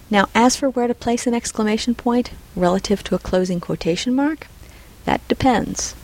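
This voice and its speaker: A woman's voice: mid-range voice, darkish tone, poor audio. A woman narrating a scripted lesson on punctuation, reading example dialogue aloud and naming each punctuation mark. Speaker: writing instructor.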